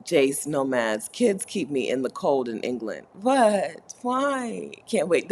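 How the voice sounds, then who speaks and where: Taking it slowly with few pauses, a woman speaks in a low-pitched, a little mellow, very animated voice. She's a Caribbean host of a live co-working stream who reads chat aloud and chats playfully, laughing frequently and making mock complaints.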